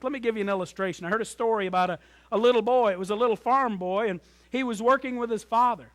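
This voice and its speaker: High-voiced preacher with sharp swings. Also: male voice, quick pace. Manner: storytelling preacher, rises loud then drops to near whisper. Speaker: pastor. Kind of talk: sermon. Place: church sanctuary.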